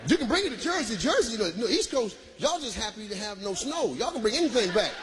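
High-voiced man shouting stand-up bits. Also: big pitch swings, fast, background noise. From Michigan. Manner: loud, shouting punchlines, laughing through bits. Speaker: stand-up comedian. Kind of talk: stand-up comedy.

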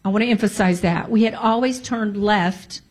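Woman, casual storyteller, emphatic, repeats lines for effect, mid pitch. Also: moderate pace, a little mellow.

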